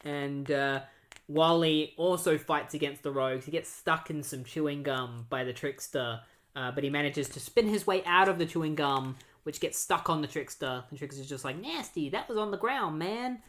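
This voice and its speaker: A podcast host giving a casual, rambling recap of a comic book run, full of fillers and quick quoted voices. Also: medium pitch, fairly even intonation, fairly bright tone.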